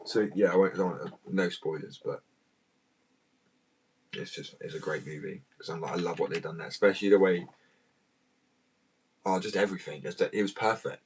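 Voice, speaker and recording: A man's voice: deep voice, steady tone, normal speed, long pauses, slightly rough, rough recording. A man, chatting casually and rambling for a vlog, swearing freely and sounding drowsy and loose. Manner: rambling, sweary, laid-back. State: drowsy on muscle relaxant.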